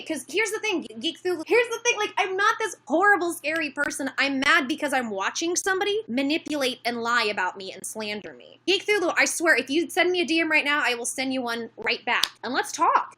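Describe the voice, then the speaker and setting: A woman's voice: high voice, pushed and bright. A woman hosting a casual livestream, talking heatedly and defensively to viewers in the chat. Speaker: livestream host.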